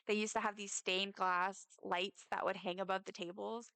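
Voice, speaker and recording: A woman's voice: mid-range voice, flat delivery, normal speed, gravelly, bright, forceful tone, a little hiss or hum. A young woman, rambling casually and joking at herself while she streams a game. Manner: chatty, rambling, self-mocking asides. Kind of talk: casual live-stream chat while gaming.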